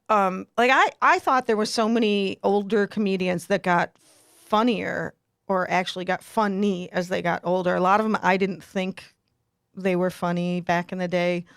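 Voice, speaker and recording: A middle-aged woman, hosting a podcast and telling a story in a lively, laughing way. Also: mid-range voice, clear, resonant tone, dry recording, studio quality. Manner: animated, laughs a lot, acts out quotes. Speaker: podcast host. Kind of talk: casual storytelling chat.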